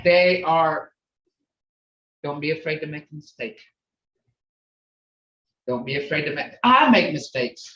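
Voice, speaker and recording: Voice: medium pitch, big pitch swings, a little slow, long pauses, fairly bright tone, roomy sound. A teacher leading an online language class, patiently drilling words syllable by syllable and reassuring the students. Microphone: video call. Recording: dull video-call audio.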